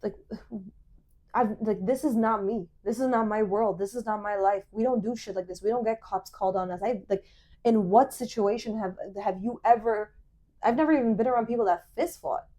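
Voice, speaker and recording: A young woman hosting a podcast tells a dating story in casual conversation, animated and swearing as she acts out the dialogue. Her voice is mid-range and she speaks a little fast.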